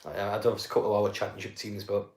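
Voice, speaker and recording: A man's voice: fairly low pitch, flat delivery, racing, a little mellow, roomy sound. Chatty man streaming live football commentary. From North East England. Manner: chatty, swearing, laughing at the match.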